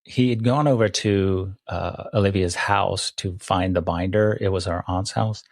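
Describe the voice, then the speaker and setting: Halting man co-hosting a chat. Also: sits low, fairly even intonation, dry recording. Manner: halting, with many fillers and restarts, then quoting characters. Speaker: podcast co-host. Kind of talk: casual chat.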